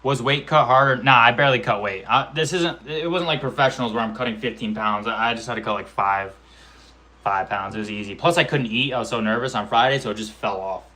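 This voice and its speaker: A man's voice: mid-range voice, fairly quick, pushed and bright. A man in his twenties telling a casual, profane story about his amateur fight, acting out quotes and sound effects. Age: 20s. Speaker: amateur MMA fighter vlogger.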